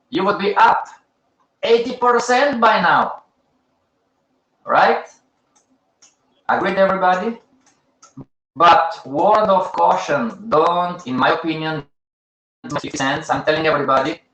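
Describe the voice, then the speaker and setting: A man hosts a live teaching session, casually addressing his audience with short, emphatic, repeated phrases and chiding them. His voice is a little high, bright, and forceful, captured in poor, reverberant audio.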